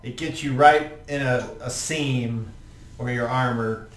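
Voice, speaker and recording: Male game master, casual and profane, slow delivery, room echo. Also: mid-range voice. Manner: laid-back, profane, vivid play-by-play. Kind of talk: narrating a tabletop game. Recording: roomy, distant mic with faint ambience.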